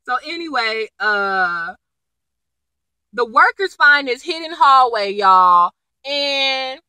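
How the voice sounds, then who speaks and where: Young female reviewer, high, swooping pitch, loose slangy recap delivery. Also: slow pace, smooth, dry recording, rough recording. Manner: animated, slangy, acts out quotes. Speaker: TV episode reviewer. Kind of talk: casual chatty recap.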